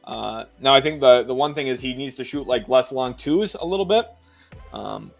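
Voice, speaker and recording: Male sports streamer, average pitch, casual rambling delivery, light background music. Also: lively intonation, creaky. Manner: conversational, reads lists aloud slowly, frequent fillers. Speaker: sports commentator. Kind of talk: casual livestream commentary.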